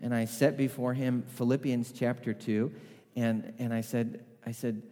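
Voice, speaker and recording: A man's voice: mid-range voice, little pitch movement, measured pace, warm tone. Brief: male preacher, mid-range voice, chatty storytelling sermon, long hall reverb. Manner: conversational storytelling.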